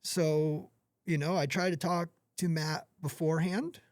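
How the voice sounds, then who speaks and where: A man in his forties with a fairly high voice speaks as a podcast guest, earnest and apologetic, circling back and restarting his sentences. The sound is close and dry, with no room around it. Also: steady tone, a little slow, no room sound. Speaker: podcast guest, gear company owner. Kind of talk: candid podcast conversation.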